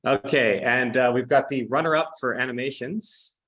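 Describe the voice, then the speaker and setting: A man hosting an online workshop, explaining technical animations in a relaxed way with frequent "uh" fillers. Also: mid-range voice, moderate pace, rough recording. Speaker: workshop host announcing contest winners. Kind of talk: presenting over a video call.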